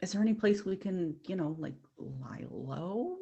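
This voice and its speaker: Soft-spoken, husky woman. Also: fairly low pitch, animated, unhurried, dull audio. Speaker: player. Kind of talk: playing a character in a tabletop game.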